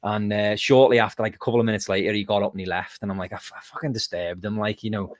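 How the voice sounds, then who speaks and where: A man's voice: on the low side, fast, no echo. A man from the UK, a guest musician telling stories in a casual interview. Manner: animated storyteller, lively and self-mocking.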